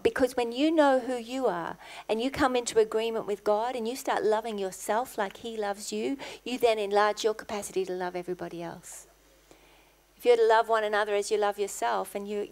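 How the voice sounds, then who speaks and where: Woman preaching a passionate sermon. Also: mid-range voice. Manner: passionate preaching, rising to loud exclamations. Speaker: guest pastor. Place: church.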